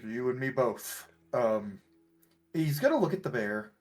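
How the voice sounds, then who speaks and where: A man with a mid-pitched voice who plays a character in a tabletop fantasy game, calmly describing each move. Soft music sits faintly underneath. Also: unhurried. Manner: casual, describing his character's actions. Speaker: player.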